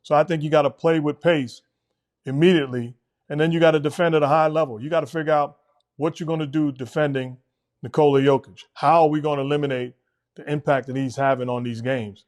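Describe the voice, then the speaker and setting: A middle-aged man calmly breaking down basketball plays as co-host of a sports talk show. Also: fairly high pitch. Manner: measured, coach-like breakdowns. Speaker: podcast co-host, basketball analyst.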